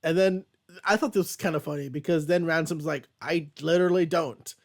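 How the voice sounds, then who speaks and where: A young man hosting a comic book podcast, chatting casually and laughing often. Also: a little fast. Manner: casual, laughs often, reads quotes in a low flat voice. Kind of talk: casual chat, reading comic lines aloud.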